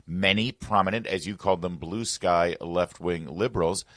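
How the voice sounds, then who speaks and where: A man's voice: sits low, moderate pace, a bit bright, dry recording, clean studio sound. A man hosting a political talk radio show, arguing emphatically with rhetorical questions. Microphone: studio microphone.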